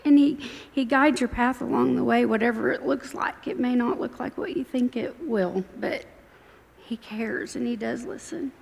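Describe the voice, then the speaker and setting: A woman in her forties gives a chatty, grateful personal testimony at church, her fairly high voice carrying a gravelly edge. The long reverb of a church hall trails behind her words. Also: moderate pace. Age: 40s. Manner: chatty, storytelling, warmly grateful. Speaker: church member giving testimony.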